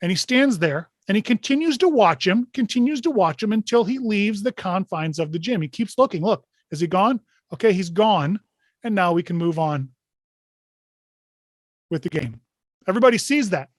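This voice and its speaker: Over a video call with no room sound, a man with a high, animated voice and a moderate pace hosts an online meeting of basketball officials. He walks them through a clip in a conversational, instructional way, leaning on rhetorical questions.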